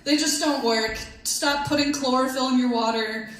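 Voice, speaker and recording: Young female stand-up comic, slightly high voice, deadpan self-deprecating delivery, stage mic in a very echoey room. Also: normal speed. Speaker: stand-up comedian. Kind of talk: stand-up comedy set. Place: comedy club stage. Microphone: handheld stage mic. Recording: echoey club room, faint hum.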